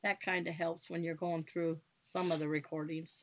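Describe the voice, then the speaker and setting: A woman's voice: deep voice, little pitch movement, moderate pace. A woman paranormal investigator explaining her methods in a plain, matter-of-fact way during a casual chat. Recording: dull lo-fi sound.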